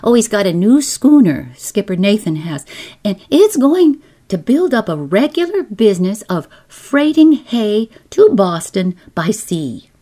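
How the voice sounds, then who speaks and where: A woman's voice: mid-range voice, big pitch swings, measured pace, warm tone, pitched above the performer's own voice. A woman voicing a whining, gossipy older village woman with a rural New England accent, rambling on in a storybook reading. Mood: chattering. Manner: whining, rambling, self-pitying.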